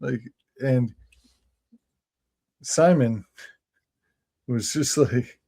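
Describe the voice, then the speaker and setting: A man's voice: medium pitch, drawn-out words, vocal fry, mellow. A young man co-hosting a casual comedy chat show, telling rambling stories and laughing as he goes. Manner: storytelling, laughing often, dropping into silly voices. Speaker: co-host.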